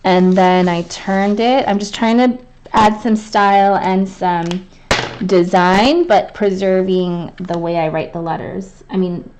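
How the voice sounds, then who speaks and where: Woman, calligraphy teacher, live lesson, slow easy pace, thinks aloud with fillers while writing. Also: mid-range voice, fairly even intonation, a little mellow, a little hiss or hum. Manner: chatty and thinking aloud, many fillers and restarts. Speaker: calligraphy instructor.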